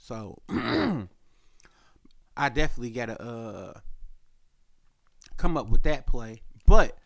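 A young man telling a rambling story on his podcast, loose and slangy, clearing his throat and saying "uh" a lot. His voice sits in a middling register, and the recording is dry and close with no room sound. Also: big pitch swings, slow, no echo. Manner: loose slang-heavy storytelling, jumps up in pitch when quoting himself; frequent throat clearing and filler "uh". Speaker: podcast host. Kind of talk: casual storytelling monologue.

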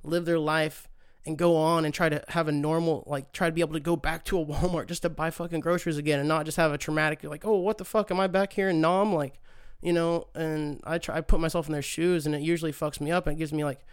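Guy ranting solo on his podcast, swears a lot, sarcastic, kinda high smooth voice. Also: little pitch movement, quick pace. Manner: rambling, profane, sarcastic. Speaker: podcast host. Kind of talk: casual solo podcast rant.

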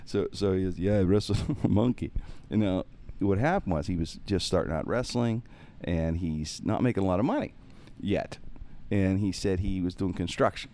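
A man with a notably deep, low-pitched voice chats casually as a podcast host. He tells funny stories with animation, putting on voices for the people in them and laughing along. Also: normal speed, hardly any pauses. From Pittsburgh, USA. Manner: animated, acts out voices in anecdotes, laughs often. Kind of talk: casual storytelling.

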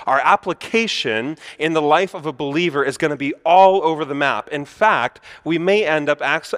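A male pastor preaching a Sunday sermon, casual and anecdotal, and he pokes fun at himself. His voice sits at a middle pitch for a man. The sanctuary gives it a long, ringing reverb. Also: fairly bright tone. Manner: storytelling, conversational with self-deprecating humor. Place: church sanctuary. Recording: church hall reverb.

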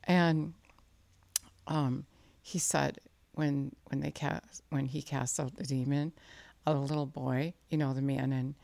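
A woman with a low, deep voice preaching an earnest sermon. She lifts her voice when she acts out quoted speech and now and then drops to a near whisper. The sound is dry and close, with no room echo. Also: fairly even intonation, slow, gravelly, a little mellow.

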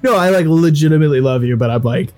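A man running a tabletop game as dungeon master and host, excitable, swearing and laughing often. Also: fairly high pitch, fast talker, soft background music. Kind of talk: casual chat closing a podcast episode.

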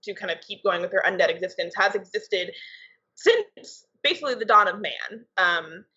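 A woman's voice: medium pitch, expressive, normal speed, bright, forceful tone, breathy edge. A young adult woman co-hosting a podcast, explaining things in a loose, conversational way. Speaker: podcast co-host, writer and editor. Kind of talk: casual podcast chat. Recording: dull lo-fi podcast audio.

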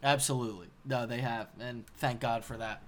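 A man's voice: medium pitch, fairly even intonation, normal speed. A man hosting a podcast in casual chat, talking earnestly and gratefully. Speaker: podcast host.

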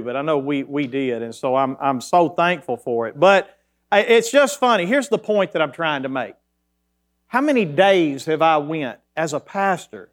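A man, a pastor telling a folksy story in his sermon that builds into fervent preaching. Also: fairly high pitch.

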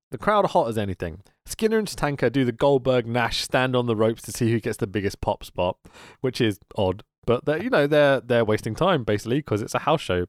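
Animated man, dry close sound. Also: medium pitch, dry recording. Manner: animated, laughs often, expressive storytelling. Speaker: podcast co-host. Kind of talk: casual chat reviewing wrestling.

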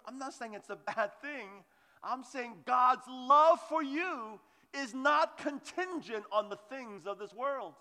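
A male pastor preaching a sermon in an earnest, conversational way, dropping to soft hushed asides, in a church with a long hall reverb. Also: sits high.

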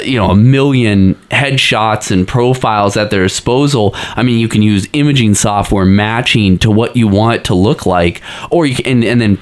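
A man with a lowish voice talks casually on a podcast, circling his points with lots of fillers, restarts and trailing clauses. He sounds relaxed and conversational. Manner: rambling, many fillers and restarts. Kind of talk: casual pop-culture chat.

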